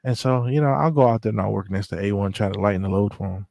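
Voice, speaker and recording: A man with a lowish, creaky, darkish voice tells personal memories quickly and in a steady tone, with no room sound. His storytelling is laid-back and rambling, packed with fillers and restarts.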